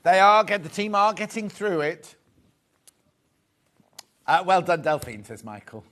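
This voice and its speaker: A man's voice: sits high, sing-song, unhurried, fairly bright tone. A man presenting live shopping TV from a studio, chatting, joking and correcting himself as he reads out viewer messages. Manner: chatty, jokey, self-correcting as he goes. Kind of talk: live selling chat, reading viewer messages.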